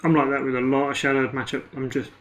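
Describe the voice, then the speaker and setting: A co-commentator on a card game, talking at an ordinary middle pitch. The delivery is dry and teasing, a relaxed back-and-forth chat. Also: fast talker.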